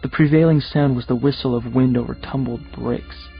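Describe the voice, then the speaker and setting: A man narrating a first-person audiobook in a steady, measured storytelling voice. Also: mid-range voice, vocal fry, lo-fi sound, faint music behind.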